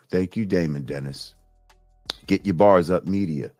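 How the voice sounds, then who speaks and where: A man hosting a live stream, reading viewer comments and ranting with heavy profanity, jumping between loud outbursts and low mutters. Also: no room sound. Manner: animated, swings between loud rants and mutters. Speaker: livestream host reading chat.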